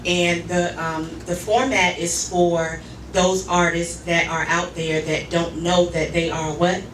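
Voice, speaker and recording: A woman's voice: lowish voice, flat delivery, takes it slowly. A woman from Virginia who organizes a music conference, telling her story earnestly with lots of ums. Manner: earnest, filler-heavy storytelling. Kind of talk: casual interview chat. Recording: echoey room, far from the mic, noisy.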